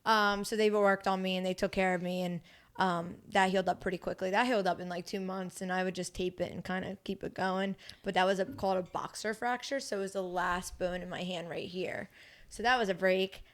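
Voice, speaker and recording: A young woman chats on a podcast, with a smooth, clear voice. She tells her story with animation, acting out what others said and swearing freely. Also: mid-range voice, steady tone, a little fast. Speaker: podcast guest, grappler. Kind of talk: casual podcast chat.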